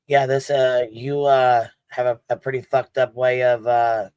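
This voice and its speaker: A man weighs in on a livestream panel with a smooth, clear voice and a flat, even delivery. He is blunt and combative and swears a lot. The sound is dry and close. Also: mid-range voice, a little slow, no echo. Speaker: panel guest. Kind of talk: heated livestream commentary.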